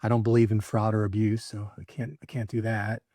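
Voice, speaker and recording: A man who used to work as a drug agent, speaking as a podcast guest in a lowish voice. He talks plainly, often restarting his sentences, with a dry, wry humor. The sound is dry and close, without room echo. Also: flat delivery, a little fast, mellow. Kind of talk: casual interview chat.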